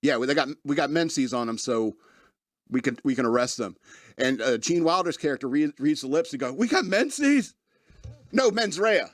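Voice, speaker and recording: A man's voice: medium pitch, brisk, dry recording, clean studio sound. A man hosting a podcast, casually reviewing a movie, rambling with lots of fillers and often laughing as he retells scenes.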